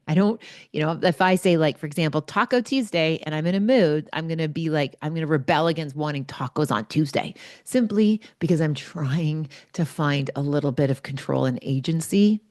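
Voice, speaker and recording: A woman's voice: deep voice, a little mellow, no echo, clean studio sound. A middle-aged woman hosting a podcast, giving casual, chatty advice and anecdotes. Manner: chatty and anecdotal, with fillers like "like" and "right?". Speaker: podcast host.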